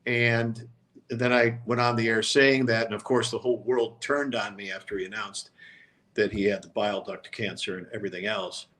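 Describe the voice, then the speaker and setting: Older sportscaster telling stories. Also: male voice, fairly low pitch, level tone, normal speed, fairly bright tone. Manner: reflective, regretful storytelling with quoted voices. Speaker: sports talk show co-host. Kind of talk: casual storytelling chat.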